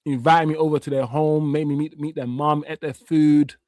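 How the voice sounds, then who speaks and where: A man in his fifties, Jamaican-born, now, rants through a casual live stream, slangy and swearing, in a voice pitched a little higher than most men's. The sound is dry and close, with no room around it. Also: level tone, normal speed, a little mellow, dry recording. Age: 50s. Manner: heated, swearing, street slang. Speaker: watch-along stream host.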